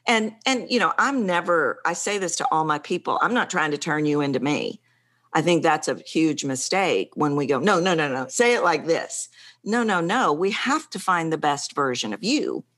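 A woman with a low voice and a lively, swooping pitch explains her coaching ideas in conversation. She speaks with energy and acts out quoted lines to show what she means. Her delivery sounds animated and expressive. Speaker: vocal coach guest. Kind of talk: conversational interview.

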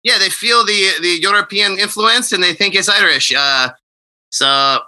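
A man's voice: high-pitched, unhurried, sharp tone, rough recording. A man from Ukraine, a musician guest chatting casually, laughing often and joking. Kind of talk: casual chat.

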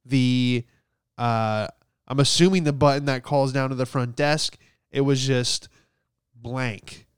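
A man's voice: medium pitch, steady tone, slow, smooth, dry recording, studio quality. A man telling a sarcastic comedic story, exasperated and swearing casually.

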